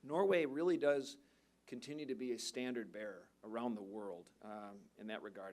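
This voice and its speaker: A man's voice: mid-range voice, fairly even intonation, moderate pace, a little mellow. A man with a mid-range voice speaks on a seminar panel. His delivery is conversational and earnest, with touches of light humor. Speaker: politician on a panel. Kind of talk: panel remarks. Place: seminar venue.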